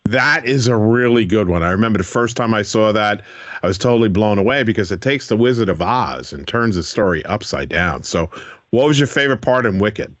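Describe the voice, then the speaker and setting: A man's voice: on the low side, expressive, brisk, no room sound, muffled recording. A man hosting a radio interview show, asking children encouraging follow-up questions from a studio.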